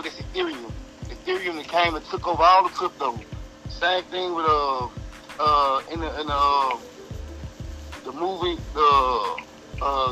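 A man's voice: fairly high pitch, vocal fry, bright, forceful tone, rough recording. A man on a casual podcast, rambling animatedly through conspiracy theories. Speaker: podcast co-host.

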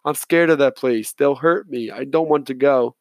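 A man voicing a young boy in an audiobook, a gentle, hopeful child who turns frightened and pleading. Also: mid-range voice, moderate pace, no room sound, natural voice. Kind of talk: audiobook character voice.

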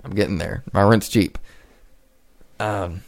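A man's voice: low voice, fairly even intonation, slow, vocal fry. A man in his twenties hosting a solo podcast, talking casually and rambling with frequent restarts. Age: 20s. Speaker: podcast host.

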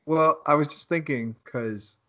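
A man's voice: fairly high pitch, unhurried, fairly bright tone. A man hosting a podcast, chatting casually and joking, acting out stories in silly voices. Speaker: podcast host. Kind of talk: casual chat.

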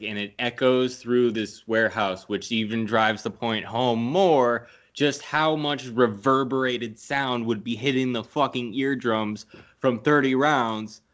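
A man with a mid-range, slightly bright voice hosts a podcast where he casually recaps a film scene by scene. He swears freely and laughs at his own jokes.

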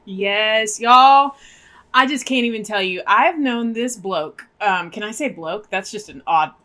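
A woman's voice: mid-range voice, measured pace, bright, forceful tone. A woman co-hosting a podcast in a chatty, effusive way, laughing easily as she introduces a guest. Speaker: podcast co-host.

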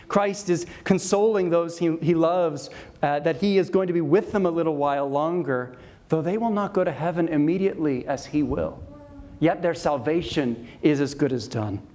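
A man's voice: on the high side, darkish tone. A man preaching a sermon, earnest and emphatic, building his points through repeated phrases. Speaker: pastor.

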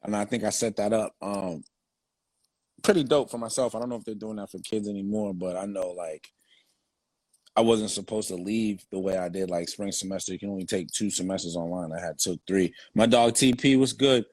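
A man's voice: lowish voice, a little fast, darkish tone, no echo. A young man, a former football player, telling his story in casual, slang-heavy, profane talk.

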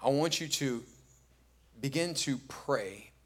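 A man's voice: mid-range voice, animated, slow. A middle-aged man preaching a sermon as pastor, telling stories conversationally and building to emphatic repeated points. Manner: conversational storytelling, rising to emphatic repetition.

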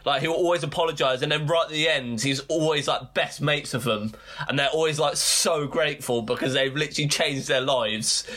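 A man's voice: a little high, fairly quick, pushed and bright. A young British man co-hosting a podcast, chatting casually, swearing freely and laughing often. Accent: British English. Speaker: podcast co-host. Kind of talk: casual chat.

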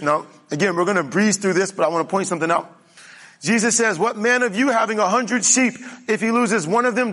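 A man's voice: high voice, sharp tone. A male pastor preaching a conversational sermon, often checking in with the congregation. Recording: reverberant hall.

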